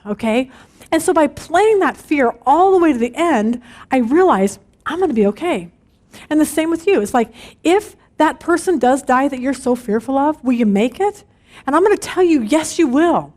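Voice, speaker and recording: A woman's voice: high voice, moderate pace. A middle-aged woman teaching a women's Bible study, telling personal stories and checking in with her listeners with a frequent "okay?". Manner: animated, storytelling with frequent "okay?" check-ins.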